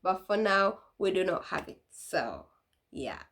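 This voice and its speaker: A woman's voice: medium pitch, big pitch swings, measured pace, a bit bright. A young woman talking casually to camera in a vlog, chatty and laughing, acting out what her mom used to say. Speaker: vlogger.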